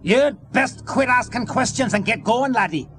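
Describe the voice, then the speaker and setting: An actor playing a grumpy, brusque bearded dwarf with a gravelly dwarven brogue. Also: male voice, very high-pitched, expressive, normal speed, fairly bright tone. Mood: gruff. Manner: brusque, ordering about. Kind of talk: 1990s adventure game voice acting. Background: game music.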